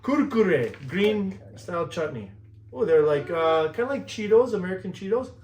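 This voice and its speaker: A man's voice: high-pitched, sing-song, moderate pace, a little mellow, recorded from a distance. A man hosting a casual family vlog, playful and teasing as he chats with his relatives. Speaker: vlog host. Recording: echoey room, faint background noise.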